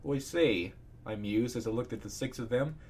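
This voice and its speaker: A man reading fan fiction aloud in a casual, expressive way, breaking off into ranting asides. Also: medium pitch, quick pace, breathy edge. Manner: expressive, swings between narration and ranting asides.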